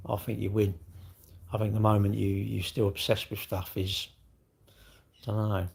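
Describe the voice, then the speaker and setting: Husky-voiced man chatting on a live stream. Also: lowish voice, little pitch movement, normal speed, darkish tone. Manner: rambling, chatty, greets viewers mid-thought. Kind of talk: casual live-stream chat.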